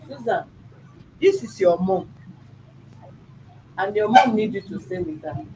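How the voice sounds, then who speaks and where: Male mediator, high voice, firm and probing, traffic noise behind. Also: lively intonation, a little slow, a little mellow, poor audio. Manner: firm, probing, repeats questions. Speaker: mediator host. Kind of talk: questioning a child in a family dispute.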